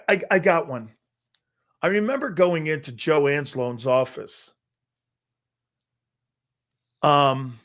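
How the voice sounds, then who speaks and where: A middle-aged man from Connecticut hosting a live sports talk show, telling personal stories in an animated, emphatic way and swearing freely. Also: mid-range voice.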